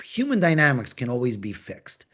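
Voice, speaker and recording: A man from New York, talking in a panel discussion and telling workplace stories with lively, acted-out dialogue. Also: mid-range voice, moderate pace, husky. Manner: animated storyteller, acts out quoted dialogue. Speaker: agile coach and panel host. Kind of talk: conversational panel talk.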